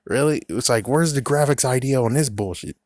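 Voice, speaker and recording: A man's voice: medium pitch, brisk, darkish tone, dry recording. A young man in a profane, angry rant reviewing a video game, mocking its designers in put-on voices. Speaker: gaming vlogger.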